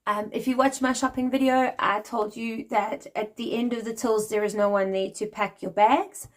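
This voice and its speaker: South african lady in her 40s chatting to camera, friendly, bit of a higher voice. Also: steady tone, moderate pace. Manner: friendly and chatty, laughs lightly. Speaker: vlogger. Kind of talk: casual explanatory vlog.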